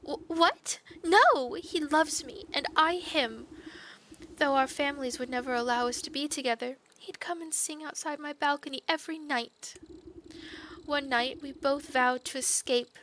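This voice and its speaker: A woman voicing a melodramatic lovesick young maiden from a dark fairytale game, breathy and tearful. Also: high voice, steady tone, moderate pace, a little hiss or hum, pitched above the performer's own voice. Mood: tearful pining.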